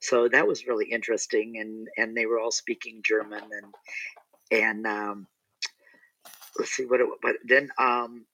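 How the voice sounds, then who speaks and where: A man's voice: fairly low pitch, little pitch movement, normal speed, pushed and bright, poor audio. Chatty man telling a rambling story. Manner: chatty, rambling with restarts and asides. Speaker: interview guest, entertainer. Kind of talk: casual storytelling interview.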